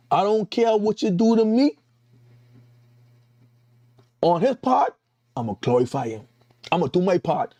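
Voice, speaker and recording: Preaching as an evangelist, a Caribbean-accented man calls out to his congregation in an emphatic, repetitive way. His voice sits on the high side with a dark tone, and there's no echo.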